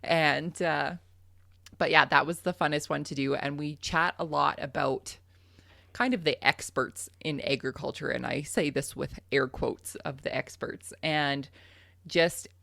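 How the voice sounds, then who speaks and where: This woman's voice sits low, with a gravelly texture. She chats casually, laughing often and filling pauses with "um." The sound is close and dry. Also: no room sound. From Canada. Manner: animated, laughs often, many fillers. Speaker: podcast guest. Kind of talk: casual storytelling chat.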